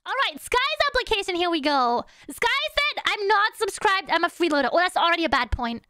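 A woman's voice: extremely high pitch, sing-song, fairly quick, pushed and bright, dry recording, studio quality. A woman streamer chatting casually and playfully with her audience, humming little tunes between thoughts and teasing her chat.

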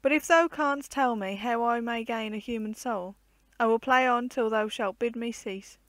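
A woman's voice: on the high side, moderate pace, fairly bright tone, dry recording, lightly acted. A woman voicing a pleading male water spirit who plays the harp and longs for a human soul, in earnest old-fashioned storybook speech.

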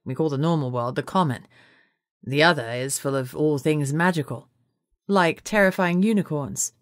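A woman's voice: normal speed, dry recording, clean studio sound, close to an everyday voice. A woman narrator voicing a blunt, matter-of-fact male werewolf who explains things abruptly. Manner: abrupt, low, explaining flatly.

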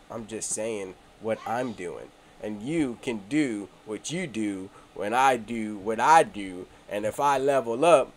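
A man of middle pitch talking casually as a crypto channel host. He teases and jokes with his audience in a swaggering way, mumbling low one moment and shouting out the next. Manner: joking, brash and swaggering, swings between mumbling and shouting. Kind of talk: casual hyped promo talk.

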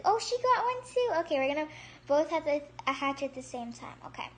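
A woman hosting a casual gameplay commentary, excitable and chatty, gasping and squealing at surprises and rambling with restarts. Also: high voice, a little fast. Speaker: gaming channel host.

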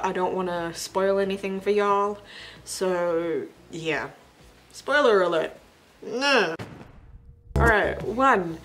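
A young woman from New Zealand chatting casually in a movie review vlog, bubbly and playful with quick asides. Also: medium pitch. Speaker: vlogger. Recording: faint background music.

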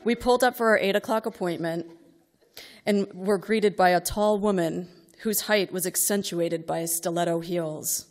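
A woman's voice: on the low side, moderate pace. A middle-aged woman reading a comic personal story aloud to a live audience, wry and exasperated, building to outbursts.

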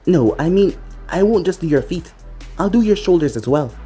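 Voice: mid-range voice, lively intonation, normal speed, dark tone, slightly rough, soft background music. A narrator doing a blunt hot-tempered young ninja. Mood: defiant.

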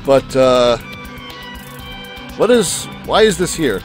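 Let's-play host, man; wry, incredulous commentary, animated pitch, soft music bed. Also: slow pace, long pauses. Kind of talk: casual game commentary.

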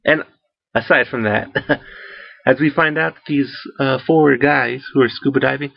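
A man's voice: medium pitch, fairly even intonation, measured pace, vocal fry, no echo. A man giving rambling solo commentary, recorded on a home sound recorder, with many fillers and restarts. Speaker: YouTuber. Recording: muffled dry home recording.

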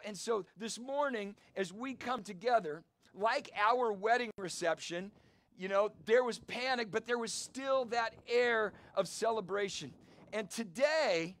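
A middle-aged male pastor preaching an energetic, storytelling sermon outdoors and calling for amens. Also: high-pitched, no room sound. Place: outdoor church service.

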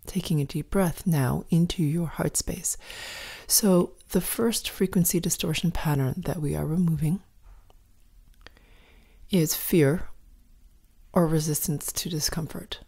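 A woman guiding a meditation in a soft, slow, often whispered voice. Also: low-pitched, gravelly, breathy edge. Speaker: meditation guide. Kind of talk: guided meditation.

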